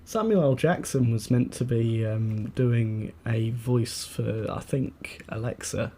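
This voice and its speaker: A man's voice: mid-range voice, slow, warm tone. A man co-hosting a podcast, chatting casually and dropping dry jokes. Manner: dry jokey quips. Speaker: podcast co-host.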